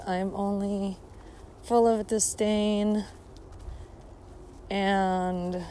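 A woman's voice: medium pitch, mellow, slight background noise. A woman venting in a casual vlog, recorded on her phone outdoors at a park, bitter and sarcastic with lots of swearing. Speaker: vlogger. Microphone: phone held by speaker.

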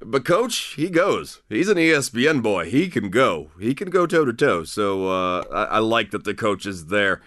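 A man's voice: fairly low pitch, normal speed, few pauses, no echo, studio quality. A man hosting a podcast, talking through a wrestling review in a casual, opinionated way with lots of restarts. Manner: animated, opinionated, frequent restarts and fillers. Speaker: podcast host.

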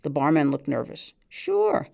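A woman reads a literary short story aloud. Her narration is measured and even, with a gravelly texture to the voice. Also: low-pitched. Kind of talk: literary reading.

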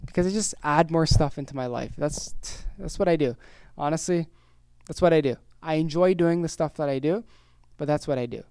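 A man from Canada hosting a casual solo podcast, energetic and rambling with jokes, his voice worn hoarse. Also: a little high, a little fast, dry recording, clean studio sound. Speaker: podcast host.

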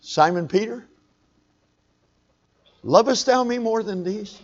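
A man preaching, voicing Jesus as a calm teacher speaking in slow, old-fashioned solemn phrasing. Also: high voice, muffled recording, voice pushed up, heavily acted. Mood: questioning gently.

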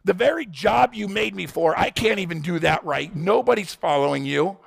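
Preacher doing a broken lonely prophet, high gravelly voice cracking into shouts. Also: male voice, lively intonation, moderate pace, no echo, heavily acted. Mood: anguished. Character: despairing lonely male prophet pouring out grief.

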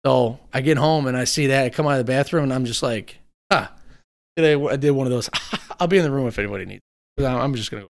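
A man in casual chat, telling long animated stories and swearing freely. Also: medium pitch, fast talker.

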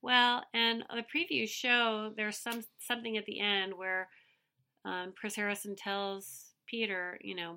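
A woman co-hosting a casual podcast while sick. Her voice is bright and gravelly with vocal fry. She recaps eagerly and chats freely. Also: mid-range voice, level tone, moderate pace. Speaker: podcast co-host. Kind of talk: casual chat about a reality TV show.

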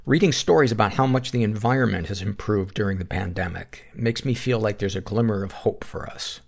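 A man's voice: fairly low pitch, fairly quick, vocal fry, slightly rough. A middle-aged man hosting a podcast, reading listener submissions aloud and adding wry asides between them. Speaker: podcast host.

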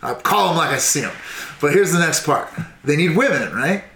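A man's voice: on the high side, expressive, normal speed, bright, forceful tone. Tipsy, profane male storyteller; rambling casual chat in a roomy space. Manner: profane, rambling, acts out voices. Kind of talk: casual drunken history chat.

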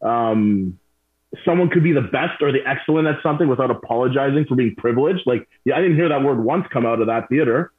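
Casting: blunt male interview guest, husky voice, thin phone-like lo-fi sound. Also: medium pitch, quick pace. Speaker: guest, martial arts academy owner. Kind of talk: casual interview talk.

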